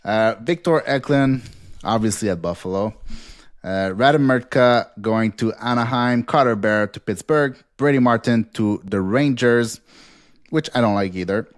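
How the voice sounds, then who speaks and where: A man's voice: mid-range voice, no room sound, clean studio sound. A man hosting a podcast, running through a list at speed with fillers and short laughs in a casual chat. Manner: rapid rundown with fillers and laughs. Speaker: podcast host.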